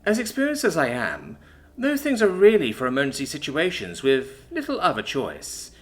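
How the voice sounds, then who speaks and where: A man's voice: on the high side, huge pitch swings, normal speed, voice pushed up. A man voicing a seasoned female soldier, matter-of-fact and wry, sometimes stern. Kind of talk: audiobook character voice.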